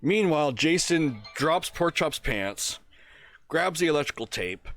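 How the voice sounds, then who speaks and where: A man's voice: a little high, animated, unhurried, a bit bright, soft background music. A man from Pennsylvania telling a profane prank story on a casual podcast, laughing as he goes. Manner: profane, laughs through his own story. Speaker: podcast co-host.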